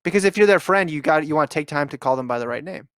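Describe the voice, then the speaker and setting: A man's voice: on the high side, expressive, very fast, a bit bright, clean tone, no room sound. A man from Nevada co-hosting a podcast and commentating, teasing and insistent in casual banter. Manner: teasing, insistent, laughs often.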